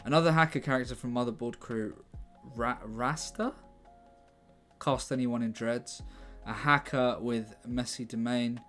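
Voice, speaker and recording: A man's voice: mid-range voice, fairly even intonation, measured pace, a bit bright, soft background music. A man writing and thinking aloud in a casual way, reading pages aloud with sarcastic, muttered asides. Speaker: writer.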